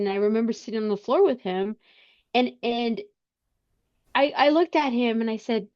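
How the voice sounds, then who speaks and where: A woman as a podcast guest, telling a personal story in conversation, earnest and halting with frequent restarts. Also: on the high side. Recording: slightly muffled lo-fi sound.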